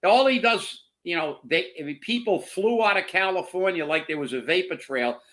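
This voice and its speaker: Brief: heated male commentator, high and bright voice, profane rant. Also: expressive, moderate pace. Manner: heated, profane, repeats words when worked up. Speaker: co-host of political commentary show. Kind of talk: angry political rant.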